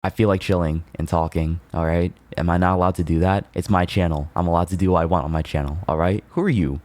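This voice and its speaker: A deep-voiced man chatting on his stream in a loose, playful way. He laughs a lot, jumps between quick asides to his viewers, and teases them. The sound is dry and close. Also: fairly even intonation, darkish tone, no room sound. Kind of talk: casual chat with chat.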